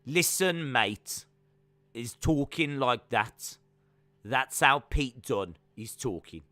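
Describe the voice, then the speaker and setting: A man doing an impression of a slow-talking, gruff male wrestler with a Birmingham accent. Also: medium pitch, lively intonation, sharp tone, no room sound, pitched above the performer's own voice. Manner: slow drawn-out words, gruff.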